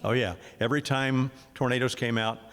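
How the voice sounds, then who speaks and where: An older man from Kansas, a former storm chaser, telling stories in a relaxed, matter-of-fact way on a panel. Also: mid-range voice, fairly quick. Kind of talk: casual panel storytelling. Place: event hall panel. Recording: long hall reverb.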